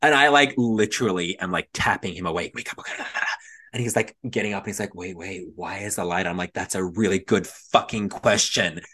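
A man co-hosting a casual podcast, telling a story in an animated way, acting out quotes and laughing often. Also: low-pitched, fairly quick, few pauses, breathy edge. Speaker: podcast co-host.

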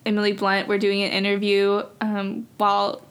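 A woman's voice: mid-range voice, completely flat delivery, moderate pace, smooth. An American woman co-hosting a podcast in casual chat, chatty and swearing freely. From United States. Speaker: podcast co-host.

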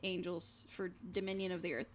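A woman's voice: lowish voice, little pitch movement, brisk. A woman co-hosting a casual podcast chat, teasing and arguing playfully. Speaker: podcast co-host.

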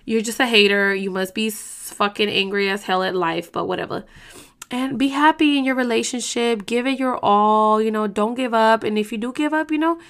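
A woman's voice: fairly high pitch, normal speed, fairly bright tone, clear, resonant tone. A woman hosting a casual podcast monologue, talking bluntly and emotionally, swearing often and rambling through restarts. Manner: heated, blunt, swears a lot. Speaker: podcast host.

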